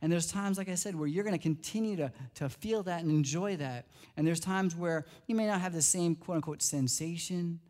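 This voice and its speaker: Animated man preaching a sermon. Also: brisk, hardly any pauses. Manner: animated, rising to high excited pitch when marveling. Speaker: pastor.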